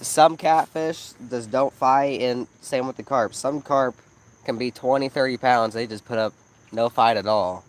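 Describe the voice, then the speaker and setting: A man's voice: mid-range voice, unhurried, rough recording. Chatty man on a night fishing stream. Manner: chatty, tells fishing stories, asks viewers to choose. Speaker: fishing channel co-host. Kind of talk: casual live-stream chat. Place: outdoors at a pond at night in the rain.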